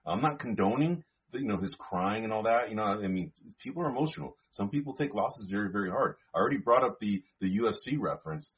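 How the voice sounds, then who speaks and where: Low, husky-voiced sports co-host man. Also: animated, quick pace, few pauses, muffled recording. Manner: easygoing, conversational, repeats words. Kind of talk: casual sports talk.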